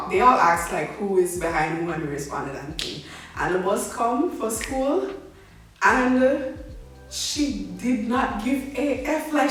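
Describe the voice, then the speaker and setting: A young woman, telling a story in a casual, slangy, animated way and laughing along as she goes. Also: on the high side, a little hiss or hum. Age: young adult. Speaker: vlogger. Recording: very echoey room, mic at a distance.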